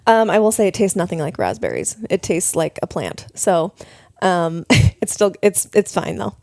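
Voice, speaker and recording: A woman's voice: lowish voice, big pitch swings, normal speed, creaky, darkish tone, no room sound. A woman co-hosting a podcast, playful, dropping short remarks and laughing often. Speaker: podcast co-host. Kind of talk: casual podcast chat.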